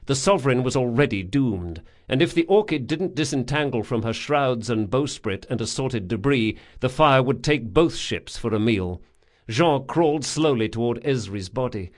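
A man narrating a fantasy novel in a measured, dramatic reading. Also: mid-range voice, expressive. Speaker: audiobook narrator.

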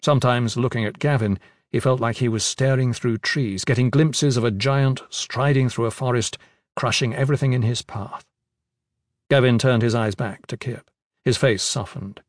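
A man's voice: medium pitch, fairly even intonation, normal speed, no room sound. Man narrating an audiobook, dry sound. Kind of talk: scripted narration.

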